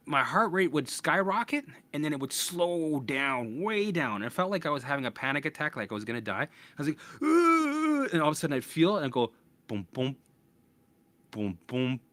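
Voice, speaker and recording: A man's voice: medium pitch, expressive, normal speed, a bit bright. A man hosting a podcast, telling his own story frankly, swearing often, acting out his past thoughts and tossing in "right?" asides. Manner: restless, with frequent restarts and "right?" asides. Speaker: podcast host. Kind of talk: candid personal storytelling.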